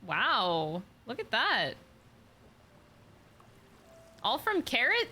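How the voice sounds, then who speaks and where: A woman's voice: fairly high pitch, huge pitch swings, very slow, sharp tone. A young adult woman streaming a game, chatting casually and self-consciously with lots of giggling. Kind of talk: casual gameplay commentary.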